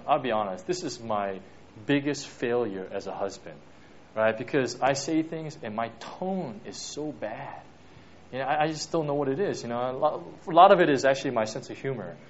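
A man's voice: mid-range voice, a little hiss or hum. Male preacher, casual sermon delivery, keeps tossing in "right?", muffled lo-fi recording. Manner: peppers talk with "right?" and "you know". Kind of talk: conversational sermon. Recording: dull lo-fi recording.

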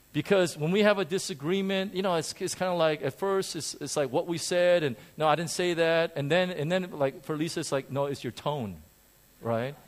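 Pastor guy preaching in church, kinda high voice, jokey and lively, repeats himself a lot. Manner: animated, self-deprecating humor, repeats phrases. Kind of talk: sermon. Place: church sanctuary with a congregation.

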